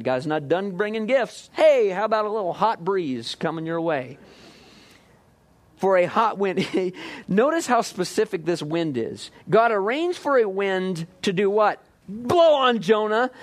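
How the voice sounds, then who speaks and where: A man preaching a sermon, lively, acting out voices and joking with the congregation. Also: on the high side. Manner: lively, acts out quotes, jokes with the congregation. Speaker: pastor.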